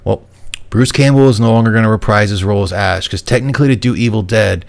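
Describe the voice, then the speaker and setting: A man's voice: fairly low pitch, quick pace, vocal fry, darkish tone. A man hosting a casual movie chat, blunt and swearing freely. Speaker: podcast host.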